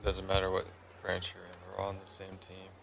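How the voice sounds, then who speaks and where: A man's voice: low voice, monotone, fairly quick, vocal fry, fairly bright tone, a little hiss or hum, low-quality recording. A man telling a meandering, conversational story in a casual way while he plays a game. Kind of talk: casual storytelling over gameplay.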